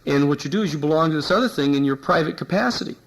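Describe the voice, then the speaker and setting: A man lecturing at a university with a gravelly, slightly raised voice. He tells his story in an animated way and slips into the voices of the people he quotes. His delivery is lively and conversational rather than read from a script. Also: a little high, racing, rough recording. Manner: animated anecdote-telling, acts out quoted speech. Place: lecture hall.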